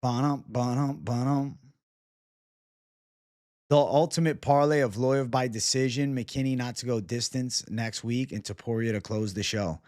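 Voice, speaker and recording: A man's voice: mid-range voice, moderate pace, hardly any pauses, a little mellow, no room sound, clean studio sound. A man hosting a casual live chat, bantering loosely and profanely with viewers. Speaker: livestream host.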